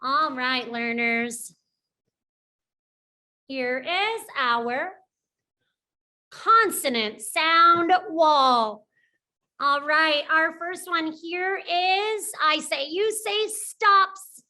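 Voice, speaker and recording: A woman teaching young children a phonics lesson, slowly sounding out letters and praising often. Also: high voice, bright, forceful tone.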